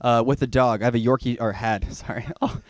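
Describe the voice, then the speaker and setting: On stage at a small comedy bar, a young stand-up comedian mocks himself through a wandering story, punctuated by occasional loud, high-pitched shouts. He speaks a little fast in a steady tone, with no echo.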